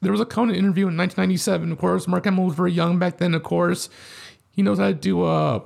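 High gravelly man rambling in casual chat. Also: fairly even intonation, quick pace, a little mellow. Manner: rambling, heavy use of "you know". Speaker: podcast co-host.

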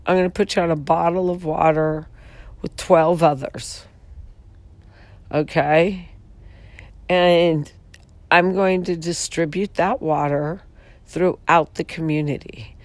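Hoarse, raspy woman making a slow plea. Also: sits low, fairly even intonation, darkish tone, no echo. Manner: pleading, heartfelt, frustrated. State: hoarse from talking all weekend. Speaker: founder pitching her water advertising venture. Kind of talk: earnest direct-to-camera pitch.

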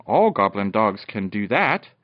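A man voicing a gentle, eager male goblin dog in a bedtime storybook reading. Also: lowish voice, very animated, measured pace, dry recording. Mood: pleased. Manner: eager and pleased. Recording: dull dry lo-fi recording.

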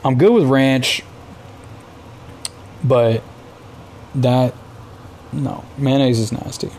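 A man's voice: medium pitch, steady tone, extremely slow, darkish tone, slight background noise. A man from the United States hosting a casual solo podcast, telling rambling, exasperated stories with plenty of filler words. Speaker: podcast host.

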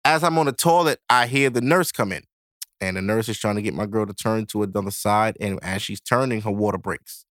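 A young man hosting a podcast, telling a story in a casual, animated way, swearing and laughing as he goes. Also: lowish voice, a little fast, dry recording, studio quality. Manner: animated, profane, laughing while he tells it. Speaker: podcast host.

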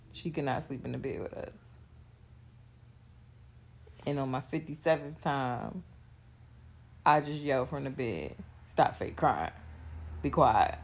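A woman in her thirties chatting casually with her partner, slow and thoughtful, pausing to find her words. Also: a bass voice, creaky, darkish tone, a little hiss or hum. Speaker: co-host in a couples question chat. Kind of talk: casual chat.

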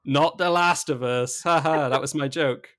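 A man's voice: fairly high pitch, normal speed, fairly bright tone. Jokey, chatty man on a podcast. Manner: chatty, jokey, self-interrupting. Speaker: podcast co-host. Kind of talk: casual chat.

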